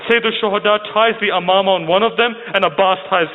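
A man's voice: high voice, steady tone, fast. A man preaching a narrative sermon, telling an emotional story and asking his listeners rhetorical questions. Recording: phone-like sound with long hall reverb.

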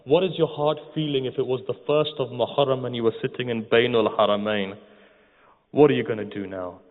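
A male preacher giving a mourning sermon, speaking directly to the congregation and guiding them through an imagined scene. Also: mid-range voice. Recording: tinny, phone-like sound with long hall reverb.

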